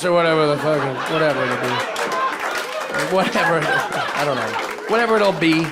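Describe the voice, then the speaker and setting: A man performing stand-up comedy on stage before a live audience, animated and profane, acting out the voices of the people in his stories. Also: fairly high pitch, normal speed, crowd noise. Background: audience laughter.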